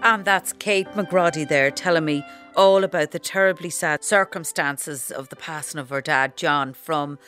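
A woman radio presenter who speaks in a clear, composed way as she sums up and poses a question. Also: low voice, normal speed, few pauses, a bit bright, faint music behind.

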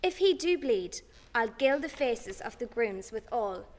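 A woman's voice: on the high side, sing-song, unhurried. An actress playing a scheming, fearful noblewoman in classical stage style, urgent and commanding. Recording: long hall reverb.

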